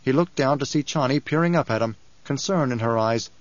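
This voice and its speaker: A male narrator reading in a measured, solemn way, mid-pitched. The recording is dry with a slightly dull, muffled tone. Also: dry recording. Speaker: audiobook narrator. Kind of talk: scripted narration.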